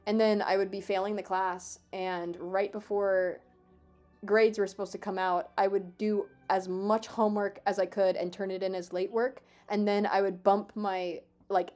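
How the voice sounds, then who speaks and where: Woman in her twenties, game streamer, casual chat, swears a lot, excitable, desk mic at home. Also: mid-range voice. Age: 20s. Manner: swears freely, excitable, self-mocking.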